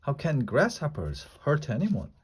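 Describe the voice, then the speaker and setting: A man's voice: medium pitch, huge pitch swings, unhurried, breathy edge, voice pushed up, exaggerated voice. A man voicing a polite, curious young boy in a storybook reading. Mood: puzzled. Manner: polite, wondering.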